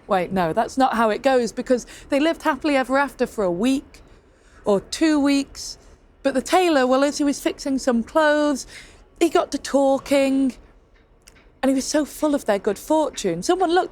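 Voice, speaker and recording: A woman with a fairly high voice tells a folk tale, playful and lively. She drops in asides and little jokes to the listener as she goes. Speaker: storyteller. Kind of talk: oral storytelling.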